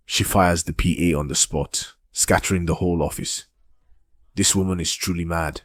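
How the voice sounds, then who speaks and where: A man's voice: sits low, fairly even intonation, moderate pace. A man narrating a movie recap in a dramatic, gossipy way, talking straight to his listeners.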